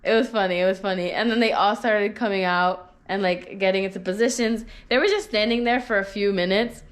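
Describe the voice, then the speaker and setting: A young woman vlogger telling a story, animated and expressive, swearing casually. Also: medium pitch, a little fast. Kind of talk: story time vlog.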